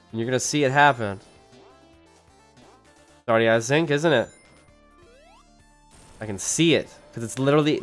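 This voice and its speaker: Brief: male live streamer, casual gameplay chat, mid pitch, dramatic whiny complaints broken up by laughs, quiet game music underneath.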